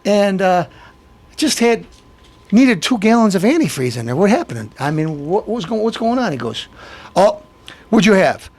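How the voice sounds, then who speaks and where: Indignant man ranting with a lively high voice. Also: normal speed. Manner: indignant, rambling, full of restarts. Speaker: show host. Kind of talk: ranting monologue.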